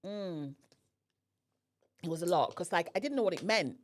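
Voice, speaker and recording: A woman's voice: on the low side, normal speed. A woman guest on a podcast telling a personal story and acting out the dialogue. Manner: animated, acts out quoted dialogue.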